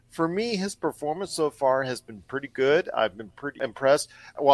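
A man hosting a pop culture radio show and podcast, with an energetic, promo-style delivery. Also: medium pitch, no echo. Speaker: podcast host.

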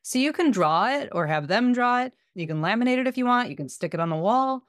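A woman's voice: on the high side, lively intonation, a little fast, dry recording, studio quality. A woman podcast co-host and parent, explaining practical tips in a casual chat.

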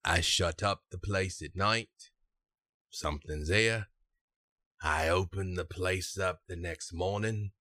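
A man voicing a sly male carnival game vendor who calls himself a scoundrel, speaking low and wry. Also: takes it slowly, pushed and bright, no echo, full character voice. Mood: confiding.

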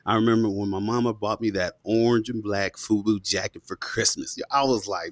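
Low-voiced man telling a story, slangy. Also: brisk, hardly any pauses, dry recording. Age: 30s. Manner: slangy and animated, full of asides. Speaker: guest, former police officer. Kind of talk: casual storytelling.

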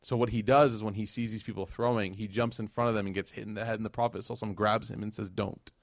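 Animated man giving a casual lecture. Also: lowish voice, very fast, no echo, clean studio sound. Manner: conversational, animated, slangy asides. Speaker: Islamic lecturer.

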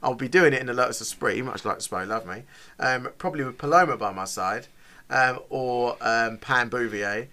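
A man co-hosting a relaxed podcast, his tone bright and forward. He talks enthusiastically and laughs easily, with plenty of casual filler. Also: mid-range voice, moderate pace. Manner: chatty, enthusiastic, laughs often. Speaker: podcast co-host. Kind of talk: casual chat.

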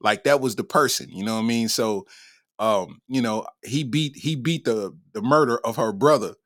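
A man's voice: medium pitch, normal speed, fairly bright tone, dry recording, studio quality. A man hosting a comedy podcast, talking in loose slang with frequent laughter and an irreverent tone. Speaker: podcast host. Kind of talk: casual comedic commentary.

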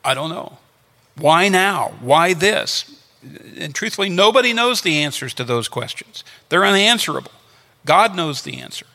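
A man's voice: high voice, sing-song, fairly quick, pushed and bright. A man preaching a sermon, teaching earnestly and repeating his phrases to drive points home. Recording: long hall reverb.

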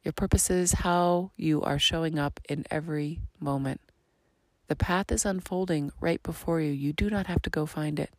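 A woman hosting her own podcast, talking in a slow, earnest, reflective monologue that drifts into soft half-whispers. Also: low voice, steady tone, no room sound, studio quality. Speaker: podcast host.

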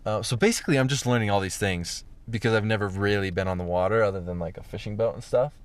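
A man's voice: on the low side, quick pace. A young man telling a profane, rambling story about a mishap, with lots of fillers. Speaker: vlogger. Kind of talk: casual storytelling.

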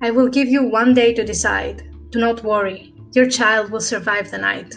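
A woman's voice: medium pitch, steady tone, fairly quick, gravelly, faint music behind, lightly acted, low-quality recording. Woman reading as a cold male demon.

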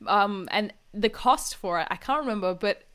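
A woman's voice: medium pitch, expressive, normal speed, fairly bright tone, smooth. A young Australian woman co-hosting a podcast, telling a story in a chatty, casual way with lots of "like" and frequent laughter. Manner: chatty, laughs often, many "like" fillers. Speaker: podcast co-host.

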